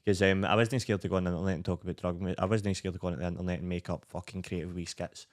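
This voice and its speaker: A man's voice: low-pitched, rapid-fire. A young man with a Scottish accent, a podcast guest telling rambling, sweary stories in casual chat. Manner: rambling, sweary, animated storytelling.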